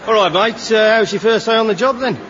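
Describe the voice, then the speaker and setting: A man's voice: high voice, a little fast, fairly bright tone, voice pushed up. A man voicing a chummy working-class workmate, talking in a hesitant, matey way. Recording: lo-fi TV sound with audience noise.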